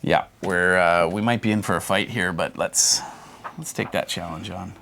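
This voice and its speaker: A man's voice: sits low, fairly even intonation, moderate pace, creaky, sharp tone, a little hiss or hum. A man playing a tabletop game, easygoing and thinking his moves aloud in casual chat. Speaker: player.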